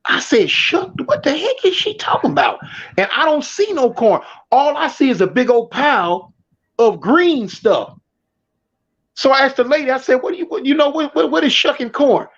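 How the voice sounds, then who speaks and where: A man's voice: very high-pitched, moderate pace. A man with a Californian accent, casually telling funny stories and acting out the voices of the people in them. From Southern California. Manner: animated, laughing, acts out quoted voices. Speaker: storyteller guest. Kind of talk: casual storytelling. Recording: dull lo-fi stream audio.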